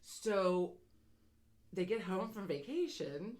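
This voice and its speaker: A woman's voice: mid-range voice, animated, slow, a little mellow, slight background noise. A woman from central Pennsylvania co-hosting a casual podcast, telling stories with lots of swearing and giggling. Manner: profane, giggly storyteller. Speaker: podcast co-host. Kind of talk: casual chat.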